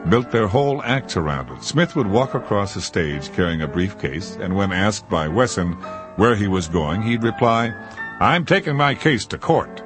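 An older man narrating a comic memoir in a deadpan manner, recorded in a studio. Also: low-pitched.

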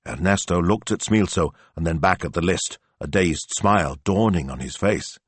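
A man reading a novel aloud as an audiobook narrator, telling it in measured storytelling. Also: low-pitched, slightly rough, dry recording. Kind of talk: scripted narration.

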